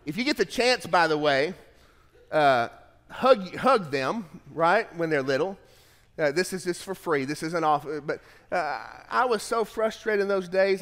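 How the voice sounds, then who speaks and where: Middle-aged male pastor, earnest sermon delivery, slightly high voice, long church reverb. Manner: earnest storytelling, swells louder on key phrases.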